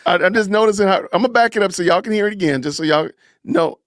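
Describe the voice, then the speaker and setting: A man's voice: high voice, rapid-fire, a bit bright, no echo, clean studio sound. A man hosting a podcast livestream, commenting on a clip in a sarcastic, mocking way. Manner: sarcastic, mocking, laughs often. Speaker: podcast host.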